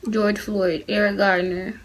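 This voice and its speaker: A woman's voice: medium pitch, flat delivery, measured pace, slight background noise. Teen girl vlogging on her phone, earnest and fired up, talking right to her viewers. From Atlanta, United States. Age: teenager. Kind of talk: casual opinion vlog. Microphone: phone camera.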